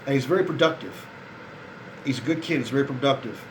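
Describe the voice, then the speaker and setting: Talking quickly at medium pitch over slight background noise, a worn-out man vlogs to his male viewers in a casual monologue to camera. He rambles and jumps between thoughts, swearing often, sounding frustrated, disappointed and resigned.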